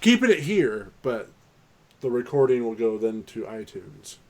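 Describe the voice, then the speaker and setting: A man's voice: medium pitch, very animated, a little slow, a little mellow. An American man co-hosting a casual podcast, laid-back and crude, swearing casually. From United States. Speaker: podcast co-host.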